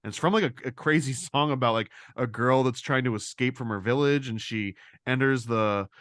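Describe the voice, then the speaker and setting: Animated man on a casual podcast. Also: moderate pace, no room sound, studio quality. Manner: animated, acts out quoted lines in a higher voice. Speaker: podcast co-host.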